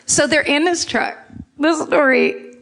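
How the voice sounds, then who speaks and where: An American woman co-hosting a podcast on stage, telling a true-crime story in an animated, profane way and laughing as she goes. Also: high voice, a little slow, vocal fry, a little hiss or hum. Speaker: podcast co-host. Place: theatre stage before a live audience.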